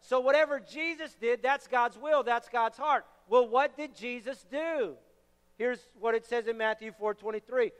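A young man preaching a sermon, telling stories with animated shouted bursts. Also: extremely high pitch, moderate pace, smooth. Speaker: pastor. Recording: reverberant hall.

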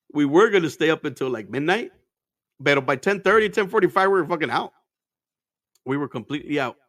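A man's voice: medium pitch, a bit bright, dry recording, clean studio sound. A man telling stories in casual chat as a podcast host, laid-back and profane, laughing often and mixing Spanish into his English.

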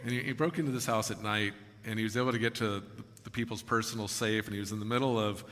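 A man preaching a sermon, telling a story with animated asides and reading scripture. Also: on the low side, fast. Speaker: pastor. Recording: echoey hall.

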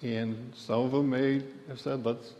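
Slow-preaching man in an echoing church. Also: on the high side, darkish tone. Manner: storytelling, acts out quotes with raised voice. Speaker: pastor. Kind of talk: sermon. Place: church sanctuary. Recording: dull lo-fi church recording with long reverb.

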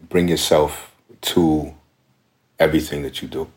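A man's voice: very deep voice, fairly even intonation, moderate pace. A man speaking as a podcast guest in a reflective, conversational way, often restarting his phrases.

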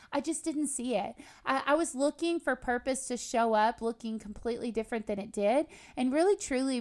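Faith podcast host, woman in her thirties, slightly high voice, earnest and conversational. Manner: earnest, conversational, personal storytelling. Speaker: podcast host and Bible teacher.

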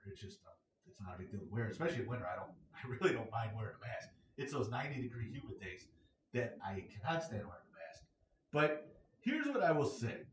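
A man's voice: mid-range voice, a little hiss or hum. Middle-aged man, solo host, rambling jokey monologue, roomy echo, sits back from the mic. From United States. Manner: rambling, joking, opinionated. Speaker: podcast host. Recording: echoey room, mic at a distance.

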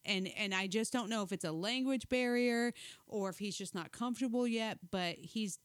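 A middle-aged woman talks casually as a podcast co-host and acts out other people's lines as she retells scenes. Her voice sits at an ordinary pitch for a woman, and the recording is close and dry, with no room sound. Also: normal speed, no room sound. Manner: chatty, animated retelling with quoted voices. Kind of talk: casual chat recapping a reality show.

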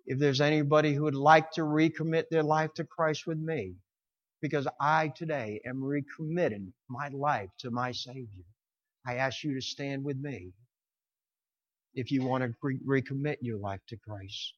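A man preaching a sermon with passion, swelling to loud emphatic peaks and dropping low, sometimes stumbling over words. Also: normal speed, lo-fi sound.

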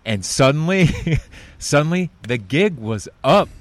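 A male host holding an interview, sharing personal stories in an earnest, animated way. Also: a little high, measured pace, dry recording. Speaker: podcast host.

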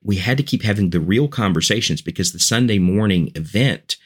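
A man speaking earnestly as a podcast guest and preacher, making his case point by point in relaxed conversation. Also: lowish voice, fairly quick, husky. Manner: earnest, persuasive, building points in lists.

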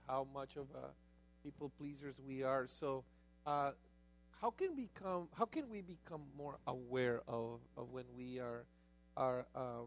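A man with a Spanish accent interviewing a guest in front of a church audience, asking halting, searching questions. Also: mid-range voice, creaky. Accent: Spanish-accented English. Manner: hesitant questions, warms to the crowd. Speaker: pastor and host interviewing his wife.

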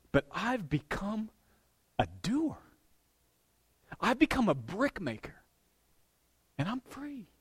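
A man preaching a sermon as a pastor, swinging between hushed, intimate lines and loud, excited bursts. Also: fairly high pitch.

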